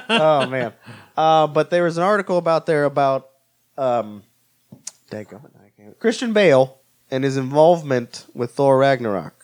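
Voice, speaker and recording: A man co-hosting a casual podcast chat, animated and jokey. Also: normal speed. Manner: animated, jokey, slips into high silly impressions. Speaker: podcast co-host.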